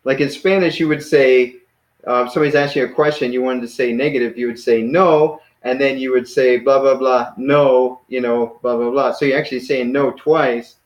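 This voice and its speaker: A man giving a relaxed, encouraging one-on-one Greek lesson, laughing easily and calling his student "man". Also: mid-range voice, normal speed, echoey room, poor audio. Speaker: Greek teacher. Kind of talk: casual one-on-one language lesson.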